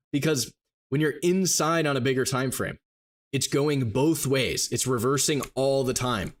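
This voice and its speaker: A man teaching trading live, walking through charts and rapidly acting out a confused trader's thoughts. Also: medium pitch. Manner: rapid, emphatic explaining with mock inner voices. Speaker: trading educator. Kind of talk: live stream chart walkthrough.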